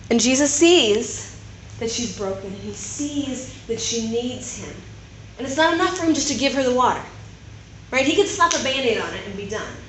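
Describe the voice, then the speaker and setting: A woman preacher speaking to a Christian women's group, chatty and animated, who keeps checking in with her listeners. Her voice sits a little high. The room is echoey with faint background noise. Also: moderate pace. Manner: conversational, animated, keeps asking "right?". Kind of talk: sermon.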